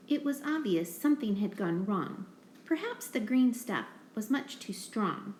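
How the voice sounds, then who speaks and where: A woman's voice: medium pitch, sing-song, measured pace, a little mellow, a little hiss or hum. A woman reading a rhyming picture book aloud to children, in a rhythmic voice, stopping to ask the listener questions. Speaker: reader. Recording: roomy echo.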